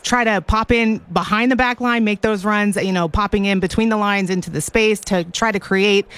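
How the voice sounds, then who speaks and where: A woman color commentator talks through the game plan before kickoff at a middle pitch, analytical and building each point with questions. She leans in with emphasis when a player excites her. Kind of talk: pre-match sports analysis.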